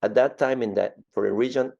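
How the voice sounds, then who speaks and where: A man in his fifties from Ecuador with an Ecuadorian Spanish accent, telling his story as an interview guest in an animated way, often repeating words. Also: mid-range voice, fairly quick, vocal fry, highs cut off.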